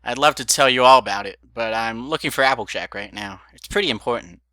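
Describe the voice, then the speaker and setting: A man's voice: medium pitch, a little fast, bright, forceful tone, dry recording, close to an everyday voice. A man voicing an easygoing young male pony who talks casually.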